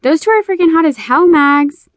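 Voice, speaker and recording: A woman's voice: a little high, lively intonation, moderate pace, vocal fry, no echo, voice pushed up. Woman putting on a gushing college girl. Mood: excited. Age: young adult. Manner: gushing, eager.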